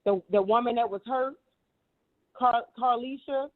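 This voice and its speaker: A guest commentator with a fairly high voice speaks unhurriedly over a tinny phone line. Her casual commentary is heated and emphatic, full of repetition and free cursing.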